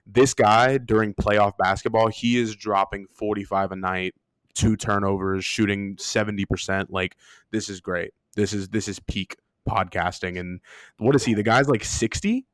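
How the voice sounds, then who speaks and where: A man with a lowish, smooth, clear voice co-hosts a casual sports podcast. He talks with enthusiasm and uses many fillers. The mic is dry and close. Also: steady tone, normal speed, no echo. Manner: enthusiastic, filler-heavy, laughs often. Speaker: podcast co-host.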